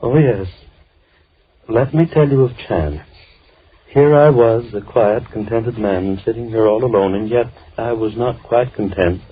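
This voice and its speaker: An actor playing a soft-spoken, coldly polite madman in a 1950s radio drama. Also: medium pitch, unhurried, slightly rough. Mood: softly menacing. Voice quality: calm, gentle, coldly polite. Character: soft-spoken menacing madman, middle-aged. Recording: tinny old radio broadcast with faint hiss.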